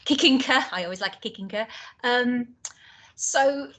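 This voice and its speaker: A woman's voice: a little high, normal speed, pushed and bright. A woman co-teaching an online phonics lesson, reading out and commenting on answers from the chat in an upbeat way.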